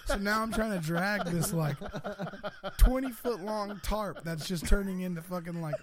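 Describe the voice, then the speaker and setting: A man's voice: high voice, moderate pace, very noisy. A young man telling a chaotic story in casual chat, swearing often and laughing as he talks. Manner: animated, profane, laughing through his story.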